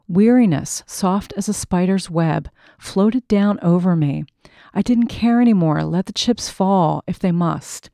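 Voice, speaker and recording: A woman hosting a podcast, reading a memoir aloud with expressive, dramatic delivery. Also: on the low side, measured pace, creaky, no echo, studio quality. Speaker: podcast host.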